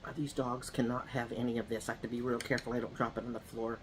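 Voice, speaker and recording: Over background noise, a woman with a bass voice speaks fast and in a level tone while eating on camera at home. This mukbang vlogger chats right to her audience, wandering through gossipy stories full of side comments.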